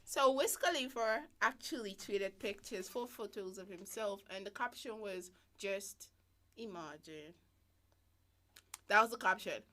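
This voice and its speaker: A woman's voice: mid-range voice, unhurried, pushed and bright. A woman co-hosting a live radio stream, playful and outspoken in casual chat. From Nigeria. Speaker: radio co-host.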